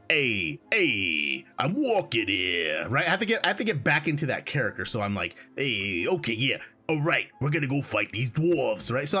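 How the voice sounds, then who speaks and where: A man streaming a game, with rambling, excitable, self-deprecating commentary and casual swearing. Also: mid-range voice, husky. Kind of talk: casual let's play commentary.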